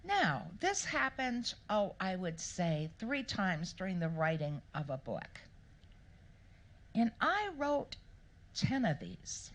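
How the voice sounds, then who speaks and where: A woman author answering questions at a live event, telling stories in a playful, animated way and acting out the people she quotes. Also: mid-range voice, slow. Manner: animated, playful storyteller who acts out quotes. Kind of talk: storytelling interview answers. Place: live Q&A event before an audience.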